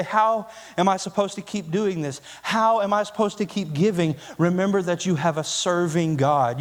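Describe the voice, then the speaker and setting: A man's voice: a little high, in a large hall. A man preaching a sermon as pastor, folksy and conversational, building to emphatic peaks. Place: church sanctuary.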